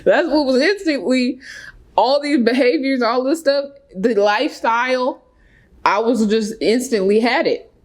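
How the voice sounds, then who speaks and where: A woman vlogger telling a personal story in a casual, animated way. Her pitch jumps suddenly, and she keeps checking in with "right?" and "okay?". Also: measured pace. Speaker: spiritual vlogger.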